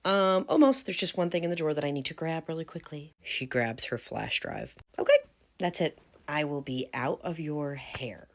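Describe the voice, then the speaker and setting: A woman's voice: low voice, animated, normal speed. A young woman narrating her own story and acting herself out, earnest, polite but firm. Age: young adult.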